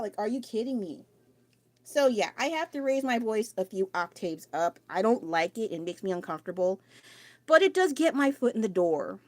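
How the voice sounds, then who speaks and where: Woman, casual live-stream chat, loud and blunt, phone mic, dry close sound. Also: medium pitch, lively intonation, brisk, no room sound. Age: adult. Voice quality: loud, raised voice. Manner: candid, rambling, swears casually.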